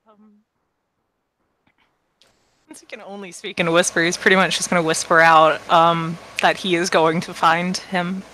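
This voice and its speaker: A woman's voice: lowish voice, little pitch movement, normal speed, pauses often, bright, forceful tone, a little hiss or hum, rough recording. A woman playing in a tabletop game, chatting casually and interrupting herself as she describes her character. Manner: chatty, self-interrupting, laughs easily. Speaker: player.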